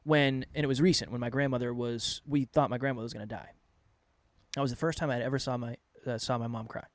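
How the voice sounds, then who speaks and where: A man co-hosting a podcast talks things through in a relaxed, reflective way. His voice is at an average male pitch, and the recording is close and dry. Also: quick pace, no room sound. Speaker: podcast co-host. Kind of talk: casual conversation.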